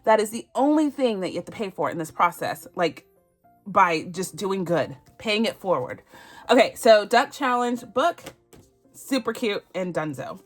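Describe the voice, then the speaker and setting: A woman's voice: mid-range voice, big pitch swings, normal speed, soft background music. Giggly chatty woman hosting a budgeting vlog. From Barbados. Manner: giggly, chatty, laughs often. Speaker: budgeting channel host. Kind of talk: casual savings challenge vlog.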